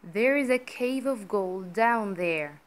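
A woman voicing a scheming male magician who poses as a boy's uncle, speaking slowly and commandingly. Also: mid-range voice, expressive. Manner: slow, deliberate and commanding. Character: scheming man posing as an uncle.

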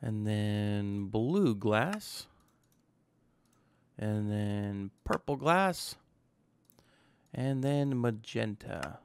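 A young gaming-channel host chats casually to himself while playing, dropping in jokey asides as he comments on the game. His voice is medium-pitched with a clean tone and no echo.

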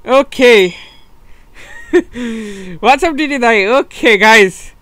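Young male streamer with a Nepali accent, excitable live commentary, laughs a lot, repeats himself. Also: very high-pitched, extremely slow, dry recording. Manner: excitable, laughing, repeats words, switches between English and Nepali. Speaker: gaming streamer.

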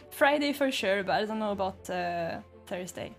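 A woman's voice: mid-range voice, expressive, unhurried, gravelly, soft background music. A young woman streaming while painting, chatting casually and reading out chat messages with frequent giggles.

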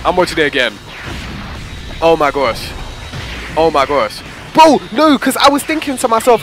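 A young man hosts a casual reaction commentary, talking in slangy bursts and leaping into excited shouts. His voice sits high and swings widely in pitch. Faint music plays underneath. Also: normal speed, pauses often. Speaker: YouTube reaction host.

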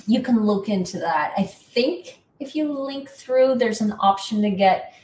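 A woman's voice: on the high side, expressive, measured pace, darkish tone, recorded from a distance, a little hiss or hum. A middle-aged woman from Canada, hosting in a casual, rambling, chatty way. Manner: chatty, rambling, self-deprecating. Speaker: host. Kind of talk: casual chat. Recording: echoey room from off-mic.

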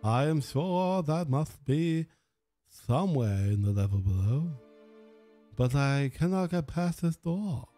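A man putting on a vague mixed accent to read out an earnest male adventurer's journal slowly and theatrically. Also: fairly high pitch, very animated, mellow, soft background music. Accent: vague mixed put-on accent. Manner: slow, theatrical reading.

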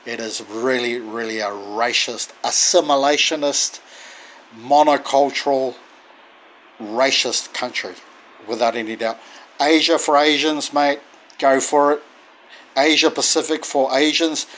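An indignant man, delivering a casual monologue at a medium pitch. He hammers his points home and repeats words for emphasis. A faint background hiss sits under his voice. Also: fairly even intonation, unhurried, a bit bright, low-quality recording. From Australia.

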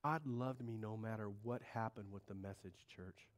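A male pastor preaches a conversational sermon to his congregation, swinging between loud, animated passages and quiet, confiding ones. His voice is fairly low, delivered at a moderate pace.

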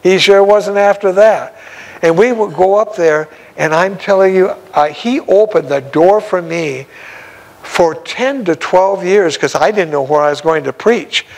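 A man's voice: sits high, measured pace, creaky, darkish tone, poor audio. A man, an evangelist, telling a story in a sermon in a folksy, exclamatory way with frequent chuckles.

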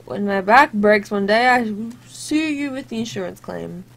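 A woman's voice: mid-range voice, animated, moderate pace, gravelly, a bit bright. A woman voicing a sarcastic, grumbling male scientist in a game. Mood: complaining. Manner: sarcastic, complaining.

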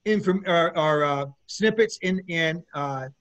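In a muffled recording, a middle-aged man with a slightly high, somewhat bright voice talks unhurriedly. He's a guest musician chatting loosely in an interview, rambling with frequent restarts and bursts of laughter.

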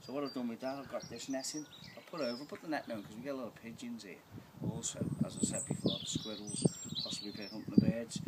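Speaking fast in a mid-range voice with hardly any pauses, an older gardener rambles through what he's doing in his garden, using plain words and frequent restarts. It's shot on a handheld camera amid heavy noise, loud outdoor ambience, and birdsong.

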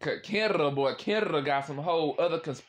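A young man casually chatting with strangers on a video chat app, swearing and loudly reacting. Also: fairly high pitch, brisk. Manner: slangy, swears often, loud exclaiming reactions and laughs.

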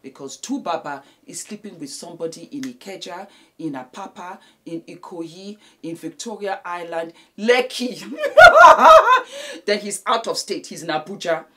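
A woman's voice: lowish voice, moderate pace, hardly any pauses. A woman giving blunt, preachy gossip commentary straight to the camera, addressing the subject directly. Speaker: celebrity gossip vlogger.

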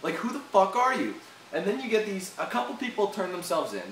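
A man's voice: high voice, very animated, brisk, a bit bright. A young Canadian man venting in a heated, profane rant for his video channel, with frequent restarts. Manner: swearing, heated, repetitive restarts. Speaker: vlogger. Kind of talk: angry rant vlog. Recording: echoey room, far from mic, faint hiss.

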